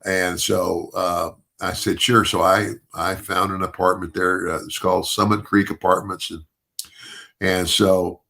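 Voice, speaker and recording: An older man, a guest on a podcast, recounts a long story in a low, creaky, sharp-toned voice with flat delivery and an unhurried pace. He rambles, restarts and repeats words, chuckling at himself.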